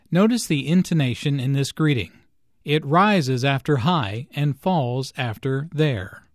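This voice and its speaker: A man narrating a scripted language lesson, explaining grammar and intonation in a deliberate way. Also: medium pitch, no room sound, studio quality.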